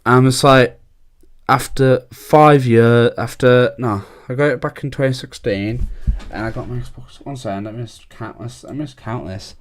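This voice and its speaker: A young man in his twenties hosting a loose, rambling podcast chat. His voice sits at an ordinary middle pitch. He drifts from story to story, swears freely and breaks into laughter as he goes. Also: moderate pace. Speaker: podcast host.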